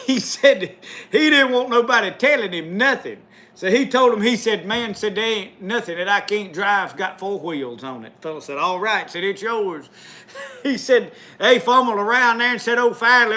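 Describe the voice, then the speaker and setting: A man with a very high, ringing voice spins a folksy tall tale at normal speed, his rural dialect thick. He keeps chuckling at his own yarn as he goes.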